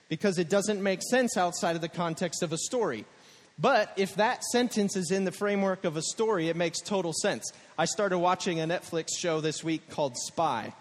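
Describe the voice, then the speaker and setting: Storytelling pastor in an echoing hall. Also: male voice, a little high, normal speed. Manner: conversational storytelling, acts out quotes. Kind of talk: sermon.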